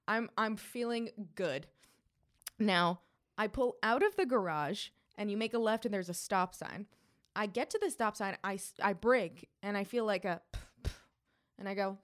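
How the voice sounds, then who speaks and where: A young woman co-hosting a podcast, telling a long story in a casual, animated way, swearing often and acting out what people said. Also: mid-range voice, moderate pace. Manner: animated, profane storytelling with quoted voices. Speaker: podcast co-host.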